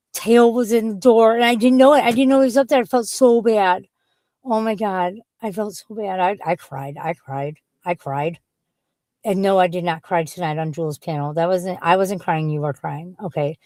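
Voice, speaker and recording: A woman's voice: on the low side, a little mellow, no echo. A woman chatting casually from inside her car, rambling bluntly and swearing freely. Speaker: vlogger. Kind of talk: casual chat.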